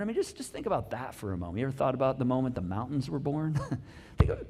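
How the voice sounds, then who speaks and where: A man's voice: medium pitch, sing-song, fast, a little mellow, slightly rough. A man preaching a sermon as a pastor, telling a story casually with playful asides and acting out the characters' lines. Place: church auditorium.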